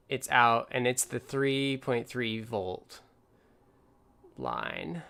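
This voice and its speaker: A man's voice: medium pitch, creaky, a bit bright, smooth. A man hosting a casual live stream from his home workspace, thinking aloud and explaining things step by step. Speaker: livestream host.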